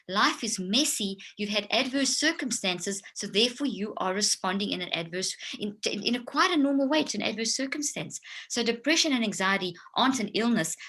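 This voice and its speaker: A woman's voice: medium pitch, fairly bright tone. A woman speaking as a guest expert. She explains emphatically, like a lecture, and often restarts her sentences. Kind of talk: explanatory talk.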